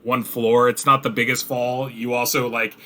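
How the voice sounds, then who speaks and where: Bright-voiced man running a tabletop game. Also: mid-range voice, moderate pace. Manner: animated, acts out player reactions with laughs. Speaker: game master.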